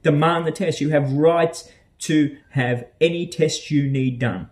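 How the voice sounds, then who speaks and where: Speaking unhurriedly to camera, an Australian man rambles through a casual vlog, his slightly mellow, mid-pitched voice broken up by frequent ums, uhs and false starts.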